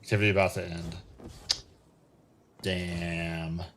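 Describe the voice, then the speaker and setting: A man streaming a video game live, chatting casually and talking to himself as he plays, with an occasional excited curse. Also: sits low, takes it slowly, a little hiss or hum. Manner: casual, chatty, talks to himself while playing. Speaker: gaming streamer. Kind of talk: live gameplay commentary.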